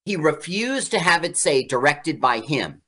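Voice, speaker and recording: A man's voice: fairly high pitch, measured pace. A man co-hosting a casual talk show, retelling an old film's backstory and acting out the people in it. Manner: animated, acts out quotes in shifting voices. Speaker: podcast co-host. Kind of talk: casual chat recapping an old film.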